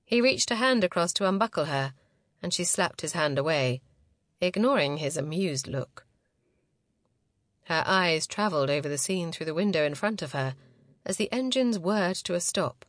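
Low-voiced woman narrating a sci-fi story. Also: lively intonation, moderate pace, no echo, clean studio sound. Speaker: audiobook narrator. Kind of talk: scripted narration.

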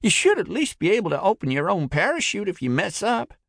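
A sarcastic young man with a sharply raised, lively voice, played by a male narrator in a storybook. He mocks and pushes, loud and close in a dry sound. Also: sits high, a little fast, creaky, no room sound, voice pushed up, heavily acted. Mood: skeptical.

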